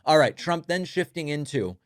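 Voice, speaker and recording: A man's voice: fairly high pitch, lively intonation, normal speed, no room sound, clean studio sound. A man hosting political commentary, talking sardonically over speech clips and mocking the quotes.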